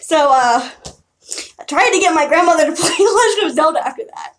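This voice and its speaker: A young woman streaming a casual chat, excitable and giggly, often bursting into shouts. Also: sits high, brisk. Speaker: live streamer.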